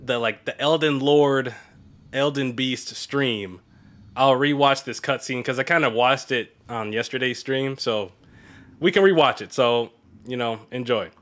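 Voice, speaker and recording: A man live streaming a video game, chatting casually and reacting loudly with sudden high exclamations. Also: measured pace. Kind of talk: casual gaming commentary. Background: game music.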